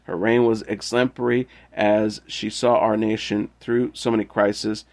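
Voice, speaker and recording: Man reading entertainment news, lowish voice. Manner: steady, measured reading with occasional filler "uh". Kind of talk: reading news and quotes aloud.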